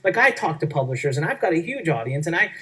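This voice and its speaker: Man presenting a workshop, husky voice, emphatic pitch, mic a bit distant. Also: big pitch swings, fast, pushed and bright. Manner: emphatic, repetitive, acts out quoted voices. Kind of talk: energetic sales pitch.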